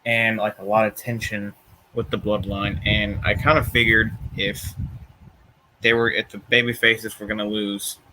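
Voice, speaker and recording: Tired, rambling young man, bright voice. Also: lowish voice, normal speed, low-quality recording. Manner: relaxed, rambling, many fillers and restarts. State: tired, yawning. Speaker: vlogger reviewing wrestling shows. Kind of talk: casual chat.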